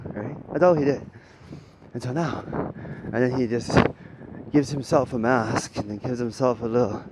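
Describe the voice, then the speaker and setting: A man's voice: medium pitch, normal speed, background noise. A man talking in a loose, rambling monologue, swearing freely and tagging his lines with "right?". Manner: rambling, profane, tags lines with "right?", laughs often.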